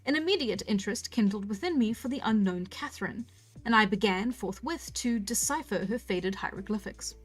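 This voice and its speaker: A woman reading a classic novel aloud on a livestream, relaxed and chatty, laughing at her own slips. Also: mid-range voice, brisk, breathy edge, faint music behind. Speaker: storyteller.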